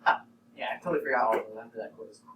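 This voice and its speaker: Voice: mid-range voice, racing. A student joking and chatting during a calculus class. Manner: animated, joking. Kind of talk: classroom banter. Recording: roomy classroom, distant mic, clear noise.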